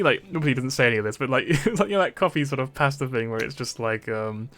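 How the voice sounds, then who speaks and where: Young british guy rambling on stream, mid pitch, keeps repeating words and laughing. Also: expressive, fast talker, fairly bright tone. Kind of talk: casual chat.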